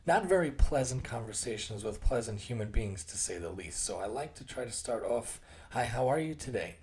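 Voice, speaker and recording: A man's voice: on the low side, lively intonation, moderate pace, darkish tone. Earnest man giving a talk. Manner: earnest, repeats and rephrases points; acts out quoted voices with shifts in tone. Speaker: occupational therapist and podcast host. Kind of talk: casual solo talk.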